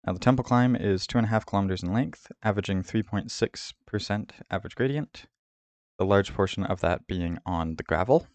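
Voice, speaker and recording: Man, very deep voice, dry close sound, calm methodical route explainer. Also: a little fast, no room sound. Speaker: host of a cycling route guide. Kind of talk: scripted voice-over over game footage.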